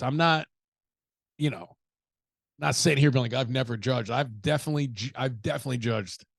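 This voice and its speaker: A man's voice: medium pitch, gravelly, dry recording, clean studio sound. A man hosting a solo podcast, talking bluntly and casually with plenty of swearing and acted-out quotes. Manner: blunt, profane, animated asides with acted-out quotes. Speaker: podcast host.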